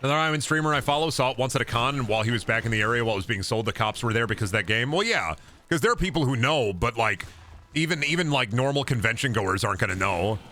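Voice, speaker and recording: A hoarse man streaming a game, chatting casually in a rambling, profane way that keeps restarting. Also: mid-range voice, animated, quick pace, sharp tone, slight background noise. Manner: rambling, profane, self-interrupting. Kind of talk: casual gameplay chat.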